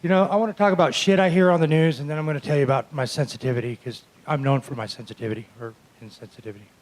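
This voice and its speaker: A man doing stand-up comedy in a small club, with sardonic, deadpan jokes. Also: on the high side, very fast, slight background noise, low-quality recording. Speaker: stand-up comic, reverend.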